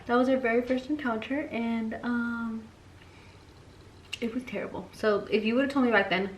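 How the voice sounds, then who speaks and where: A beauty vlogger in her twenties, with a steady, on-the-high-side voice at normal speed, chats casually through a storytime and makeup vlog. She's slangy, full of "like" and "um," and slips Spanish phrases into her English. The room is echoey, with slight background noise and loud household clatter.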